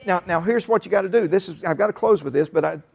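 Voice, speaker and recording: Talking fast in a gravelly voice that sits high, this middle-aged man delivers a sermon as a pastor. His folksy, emphatic style builds up to shouting and laughter.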